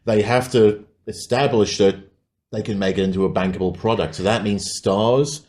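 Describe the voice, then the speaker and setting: A man co-hosting a casual podcast who explains his views in a thoughtful, measured way. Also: fairly low pitch, steady tone, darkish tone. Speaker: podcast co-host.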